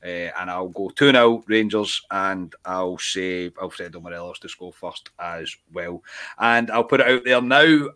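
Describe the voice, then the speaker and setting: A Scottish man hosting a casual podcast chat, lively and jokey, quick to laugh. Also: deep voice. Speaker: podcast host.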